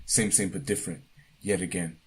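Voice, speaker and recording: Podcast co-host, young man, low and husky, loose and profane. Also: fairly quick. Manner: relaxed, swears freely, animated. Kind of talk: casual chat.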